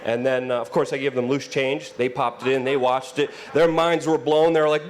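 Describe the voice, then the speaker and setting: A man speaking on a conference panel as an independent journalist, animated and ranting, acting out quotes. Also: mid-range voice, normal speed. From Poland. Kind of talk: energetic panel talk. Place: conference stage.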